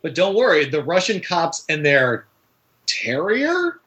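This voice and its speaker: Animated male podcast co-host, slightly high voice that swoops a lot, rambling filler-heavy delivery. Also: a little slow. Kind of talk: casual movie discussion.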